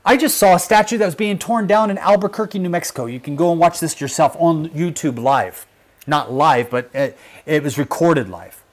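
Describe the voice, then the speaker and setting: A man hosting a livestream, talking with fervent emphasis and sinking to a hushed intensity on his gravest points. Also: a little high, animated, normal speed. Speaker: livestream host. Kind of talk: impassioned livestream commentary.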